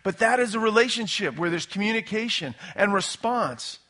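A man preaching a sermon in a conversational, animated way, with sudden bursts of loud emphasis. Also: high voice, normal speed. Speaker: pastor.

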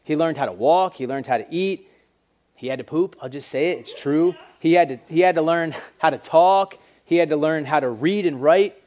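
A man preaching a casual sermon to young people, animated and acting out quoted voices. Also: a little high, normal speed.

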